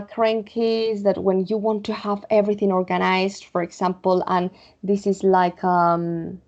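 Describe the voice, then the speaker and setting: A woman from Spain with a Spanish accent, teaching English vocabulary online, repeating words slowly and checking in with "okay?". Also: medium pitch, darkish tone, dull audio. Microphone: computer mic.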